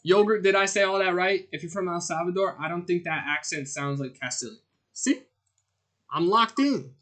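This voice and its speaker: A man livestreams a game, chatting and rambling with a jokey, casual air, now and then bursting out loudly as he responds to his chat. His voice sits high and moves briskly through the gameplay commentary.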